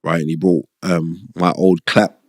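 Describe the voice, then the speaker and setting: A man's voice: deep voice, little pitch movement, a little slow, no echo, clean studio sound. A middle-aged man, a former boxer, telling stories in a casual interview and checking in with frequent "you know what I mean?" asides. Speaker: former boxer, podcast guest.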